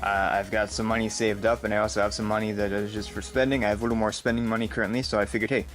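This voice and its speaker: A man's voice: lowish voice, little pitch movement, racing, a bit bright, faint music behind. Rambling, joking young man vlogger. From United States. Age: young adult. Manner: jokey, rambling, many fillers. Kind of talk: rambling casual vlog. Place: home room.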